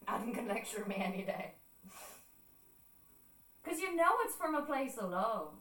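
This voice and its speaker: A woman's voice: on the high side, big pitch swings, moderate pace, sharp tone, distant mic. Young irish woman, streamer, casual storytelling, swears a lot, echoey room, a bit away from the mic. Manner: chatty storytelling, swears freely, acts out quoted voices. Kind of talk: casual chat while drawing on stream.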